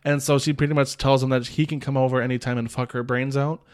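A man's voice: mid-range voice, flat delivery, fast talker, a little mellow. Rambling man recapping a film casually. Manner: rambling, many filler "like"s and restarts, chuckles often. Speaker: podcast host reviewing a film.

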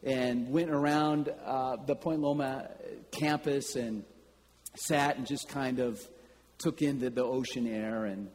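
A man preaching a sermon, telling stories in a slow, deliberate way and breaking into sudden loud calls. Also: medium pitch, steady tone. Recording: long reverb with faint ambience.

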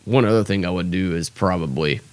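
A man's voice: low-pitched, brisk, no room sound. A young man hosting his own podcast, rambling in a casual, self-deprecating way with lots of fillers. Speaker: podcast host. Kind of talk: casual solo podcast chat.

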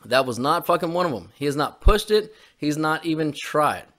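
A man's voice: a little high, animated, moderate pace, fairly bright tone. Heated, foul-mouthed man ranting. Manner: heated, profane, repetitive swearing. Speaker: podcast co-host. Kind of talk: opinionated political rant.

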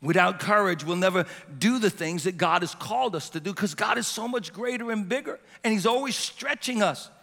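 Passionate pastor preaching in a reverberant hall. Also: male voice, high voice, brisk, gravelly, few pauses. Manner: passionate, building to shouts and dropping to soft prayer. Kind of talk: sermon. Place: church sanctuary. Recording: long reverb of a church hall.

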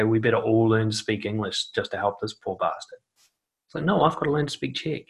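A man's voice: mid-range voice, gravelly. A man giving blunt, casual dating advice, swearing freely and acting out quoted voices, seated indoors. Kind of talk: casual advice monologue to camera. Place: seated indoors on a noisy chair.

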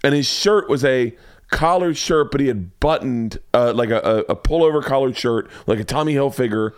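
A man's voice: mid-range voice, moderate pace, clean tone, no echo. A man hosting a casual podcast from a home studio, telling a rambling, worked-up anecdote and swearing freely. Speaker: podcast host and comedian. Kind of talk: casual storytelling chat.

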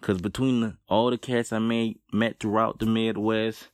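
A man's voice: fairly low pitch, level tone, normal speed, dry recording. A man with a South Louisiana accent speaking in a rambling, drawling monologue full of casual filler. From Lafayette, Louisiana. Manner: drawling, rambling, full of "you know" and "bruh".

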